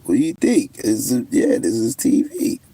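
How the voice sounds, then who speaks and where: A man's voice: mid-range voice, wildly swooping pitch, normal speed, warm tone, slight background noise. A young man, hosting a casual livestream, answering viewers with brash, boastful trash talk. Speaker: livestream host.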